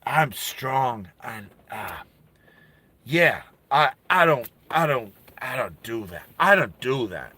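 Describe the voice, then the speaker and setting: Small nervous kid worker, stammers, bright tone; man plays him. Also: mid-range voice, sing-song, takes it slowly, voice pushed down, exaggerated voice. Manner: stammering, hesitant.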